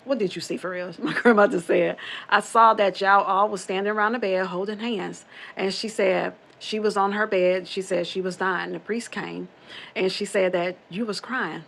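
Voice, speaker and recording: A woman's voice: medium pitch, fairly even intonation, moderate pace, gravelly, a bit bright. A woman casually telling a spooky true story from her own family, rambling and repeating herself, acting out quoted dialogue.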